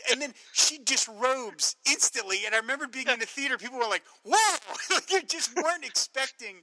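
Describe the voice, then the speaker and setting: High, bright-voiced man in film chat. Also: a little fast, low-quality recording. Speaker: podcast co-host. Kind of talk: casual film discussion.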